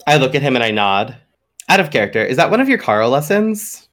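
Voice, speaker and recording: Casual mid-pitched male player. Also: big pitch swings, fairly quick, a bit bright. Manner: conversational, describes actions. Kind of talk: tabletop role-play.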